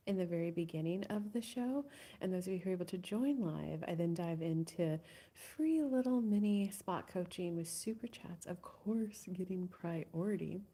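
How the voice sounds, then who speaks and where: A woman hosting a live spiritual coaching stream in a casual, soft-spoken way, sometimes dropping to a whisper. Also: fairly low pitch. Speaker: host.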